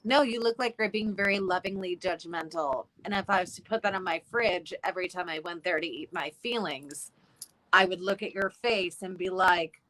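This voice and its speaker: Woman guest on a live chat, bright voice, thoughtful and a bit self-deprecating. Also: fairly low pitch, normal speed, rough recording. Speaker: guest, actress. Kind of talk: casual live-stream chat.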